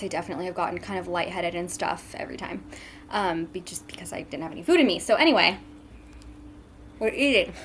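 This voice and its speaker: A woman's voice: lowish voice, slight background noise. A young woman in her twenties chatting casually to camera in a vlog, with frequent ums, sometimes talking with her mouth full. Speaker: vlogger.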